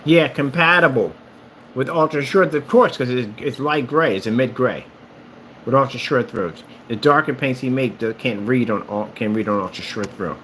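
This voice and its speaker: A man's voice: medium pitch, moderate pace, fairly bright tone, slight background noise. A man who makes screen paint rants at a rival in a combative, mocking tone, repeating his jabs. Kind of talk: ranting vlog.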